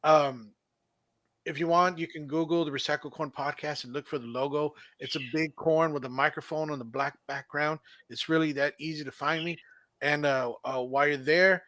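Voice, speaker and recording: A man's voice: fairly high pitch, steady tone, moderate pace, sharp tone, dry recording. A man from Texas co-hosting a casual podcast, chatty and joking as he plugs his own show. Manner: joking, self-promoting, chatty. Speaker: podcast co-host.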